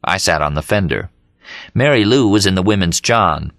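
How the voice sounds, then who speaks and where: A man narrating an audiobook in a steady, measured reading. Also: low voice, dry recording, clean studio sound. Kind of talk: scripted narration. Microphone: studio mic.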